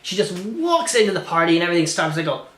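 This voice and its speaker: Man in a film review vlog: gushing, rambling, a bit high-pitched, roomy echoey recording. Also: big pitch swings, fast, fairly bright tone. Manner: gushing, rambling with many restarts and fillers.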